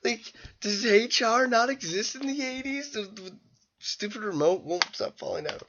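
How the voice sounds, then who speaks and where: A man's voice: sits high, normal speed. Tired young man rambling a movie review. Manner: rambling, loose and irreverent, mimics lines in loud bursts. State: tired late at night. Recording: dull lo-fi home recording.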